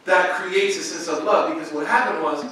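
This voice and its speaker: The guest imam from Oklahoma speaks at a moderate pace in a high, bright, forceful voice, performing others' lines during his casual, slangy lecture. It is captured far from the mic in a very echoey university hall, with a little hiss or hum.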